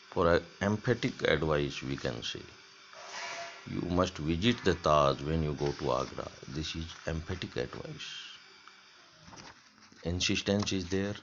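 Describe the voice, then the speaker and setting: Slow, deep-voiced lecturer. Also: male voice, a little hiss or hum. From India. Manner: slow, deliberate, repeats example sentences. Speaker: college lecturer. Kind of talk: grammar lecture. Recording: dull lo-fi lecture recording.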